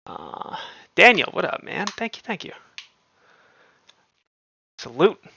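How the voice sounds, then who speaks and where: A man's voice: high-pitched, wildly swooping pitch, slow, vocal fry, bright, forceful tone, highs cut off, slight background noise. A man hosting a casual livestream, chatting offhandedly with viewers and swearing freely. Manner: profane, offhand, talks to chat. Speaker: livestream host.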